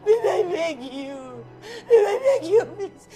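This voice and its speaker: A high, slow-spoken young woman with a Nigerian accent, a desperate jilted bride begging her fiancé to explain. Soft music plays under the scene of this film drama. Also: animated. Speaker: actress in a film.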